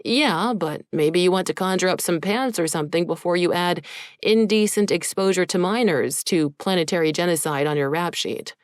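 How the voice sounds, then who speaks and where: A woman's voice: lowish voice, normal speed, no room sound, close to an everyday voice. Teen boy, wry and eager, joking tone , woman reader voicing him, dry close sound.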